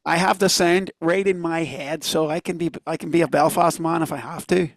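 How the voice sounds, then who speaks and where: A man's voice: a little high, steady tone, fairly quick, vocal fry, no room sound. A man from Northern Ireland with a Canadian accent, a guest drummer telling stories in a chatty way and laughing easily. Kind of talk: interview storytelling.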